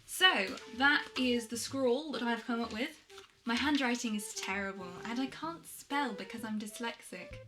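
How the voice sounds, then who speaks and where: A woman vlogging a poetry challenge, chatting in a self-deprecating way and reading her poems aloud slowly and softly. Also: a little high, faint music behind. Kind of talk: casual chat and poetry reading.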